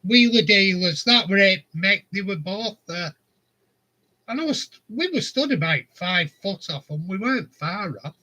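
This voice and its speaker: A man's voice: high-pitched, lively intonation, measured pace, bright, forceful tone, highs cut off. A man, casually telling rambling anecdotes and chuckling often. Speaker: vlogger. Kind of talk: casual storytelling.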